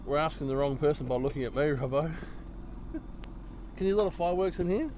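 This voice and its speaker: A man's voice: fairly high pitch, brisk, darkish tone, slight background noise. A man giving casual live cricket commentary, chatty and joking and often laughing.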